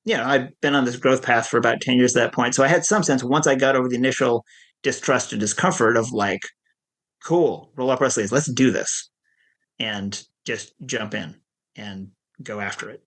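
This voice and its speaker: A man's voice: medium pitch, fairly even intonation, fairly quick, a bit bright. A middle-aged man who works as an addiction counselor, telling his story in an interview in a candid, self-deprecating way and laughing easily.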